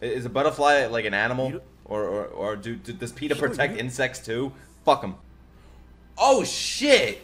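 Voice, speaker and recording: A man streaming his reaction to an anime, excitable and profane, laughing and shouting at the screen. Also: mid-range voice, normal speed. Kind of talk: casual reaction commentary. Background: anime soundtrack music playing.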